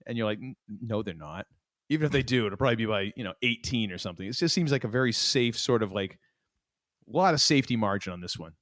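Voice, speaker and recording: A man's voice: on the low side, animated, quick pace, fairly bright tone, no echo, studio quality. A man co-hosting a podcast, talking in a casual, rambling way and drifting into playful tangents. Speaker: podcast co-host. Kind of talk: casual chat.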